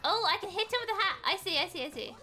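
Woman streamer, high-pitched, animated, playful gameplay chatter, faint game music behind. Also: fast talker. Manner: playful, excitable, mixes in Japanese. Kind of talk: casual gameplay commentary.

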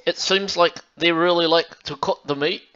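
A man's voice: fairly high pitch, steady tone, moderate pace, sharp tone, lo-fi sound. A man hosting a miniature painting channel, chatting casually and sarcastically while he paints. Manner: rambling, self-amused, sarcastic.

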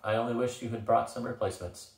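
A man's voice: mid-range voice, steady tone, fast, natural voice. An older man voicing a firm, rule-bound male referee in a read-aloud story. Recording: roomy echo.

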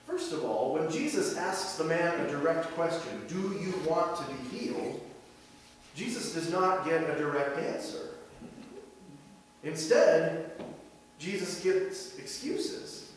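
A man in his thirties preaching a sermon as pastor, conversational and animated, posing rhetorical questions to the congregation. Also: on the high side, slow pace, distant mic, slight background noise. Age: 30s. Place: church sanctuary. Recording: very echoey hall, heard from afar.

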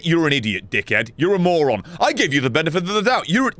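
A man giving excitable, profane, laugh-filled commentary while playing a video game. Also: a little high, fast. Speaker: gaming YouTuber. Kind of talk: let's play commentary.

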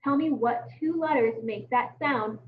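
A woman teaching a phonics lesson to young children, sounding words out slowly and encouraging them. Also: a little high, echoey room. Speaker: kindergarten teacher. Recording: distant mic, dull lo-fi sound.

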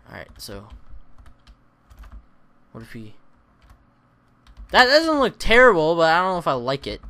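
A man hosting a Let's Play, chatting casually and rambling through his gameplay with self-mocking, excitable asides. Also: medium pitch. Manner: lively, excitable exclamations.

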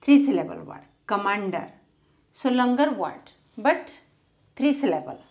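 Woman teacher, goes real slow and swoops up and down on words, drills them twice. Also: medium pitch, lively intonation, gravelly, a little mellow. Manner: drills each word twice, asks questions and answers them herself. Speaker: English teacher. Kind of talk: slow grammar lesson, repeating words.

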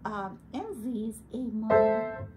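A woman's voice: fairly high pitch, steady tone, slow, muffled recording. A woman with a Russian accent teaching a piano lesson, patient and coaxing, calling her student sweetie. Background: piano playing.

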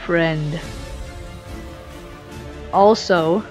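Giggly, slow-talking woman gamer. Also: fairly low pitch, faint music behind. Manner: giggly, excitable, squealing outbursts. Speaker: gaming video host. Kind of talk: playful gaming commentary.

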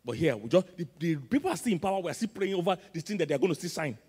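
Emphatic Nigerian pastor preaching in a hall. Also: male voice, a little high, animated, rapid-fire, slightly rough. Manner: emphatic call-and-response preaching, swinging between loud and soft. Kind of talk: sermon. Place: large church auditorium.

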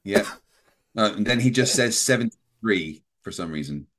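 A man from England with a softened Bristolian accent, co-hosting a live stream and reading chat comments in a wry, dry tone. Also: fairly low pitch, expressive, normal speed. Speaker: co-host.

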